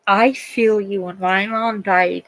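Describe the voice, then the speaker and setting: A woman's voice: mid-range voice, fairly even intonation, slow pace, rough recording. A middle-aged woman with a northeastern Pennsylvania accent, chatting on a live stream in an emotional, rambling way, full of restarts. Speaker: livestream host. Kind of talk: casual live-stream chat.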